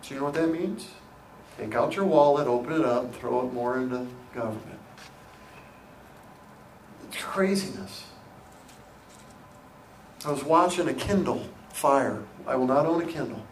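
Middle-aged american pastor preaching, repeats lines for punch, goes quiet then loud, roomy echo, mic a ways off. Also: male voice, medium pitch, measured pace, pauses often, slight background noise. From United States. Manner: emphatic, repeating phrases, swings between loud and hushed. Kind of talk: sermon. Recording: roomy sound from a distant mic with faint ambience.

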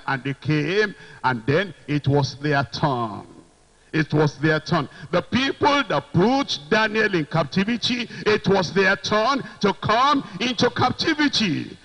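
A man preaching a sermon, slow and emphatic, repeating phrases and shouting out quoted lines. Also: high-pitched, big pitch swings, low-quality recording.

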